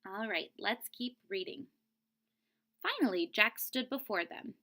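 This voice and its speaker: A woman's voice: mid-range voice, animated, unhurried, bright, forceful tone. A woman teacher reading a picture book aloud to children, expressively and stopping to explain word meanings. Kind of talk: read-aloud storybook lesson.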